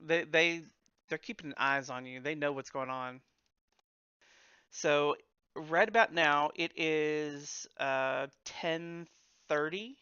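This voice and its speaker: A man narrating as game master of a tabletop game, unhurried and full of fillers and restarts. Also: on the high side, pushed and bright, smooth, no room sound, dull audio.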